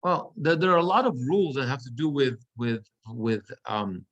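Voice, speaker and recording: A middle-aged man, a cantor, teaching Torah reading in an online class over a video call, slow and halting with frequent restarts. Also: mid-range voice, animated, fairly bright tone, muffled recording.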